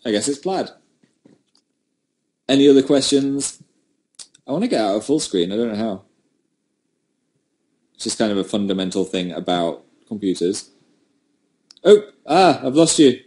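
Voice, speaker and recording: A man's voice: medium pitch, animated, moderate pace, pauses often, a little mellow. A man chatting casually on a livestream from home, rambling and self-deprecating as he answers viewer comments through a webcam mic. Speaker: livestream host.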